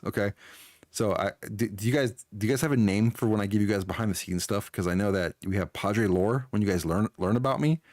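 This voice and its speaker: A man's voice: lowish voice, darkish tone, no room sound, clean studio sound. A man chatting casually on a live stream, answering chat and laughing often as he tells a story.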